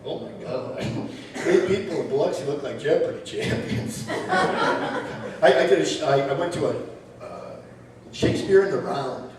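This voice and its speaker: A man's voice: on the high side, animated, moderate pace, background noise. A man from Milwaukee performing a stand-up comedy set, joking and stammering through restarts as he laughs at his own jokes. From Milwaukee, Wisconsin. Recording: distant mic in an echoey room with a crowd. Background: audience laughing.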